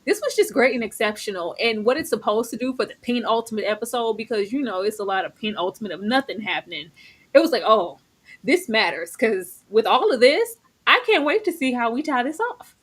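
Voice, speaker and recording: A woman co-hosting a casual live stream, with a voice a little higher than usual. She talks expressively, acting out her own reactions in quoted asides as she shares her opinions. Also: expressive, a little fast, slightly rough, poor audio. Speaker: co-host of a live TV recap stream.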